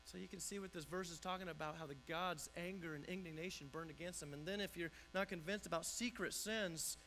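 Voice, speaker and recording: A man's voice: high-pitched, fairly bright tone, poor audio. A man pastor preaching a conversational sermon in a church, often restarting and repeating words.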